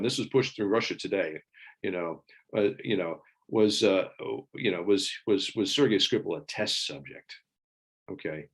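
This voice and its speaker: A man giving an online talk with slides, in a wry and halting way, with many fillers and restarts. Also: fairly low pitch. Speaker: invited speaker.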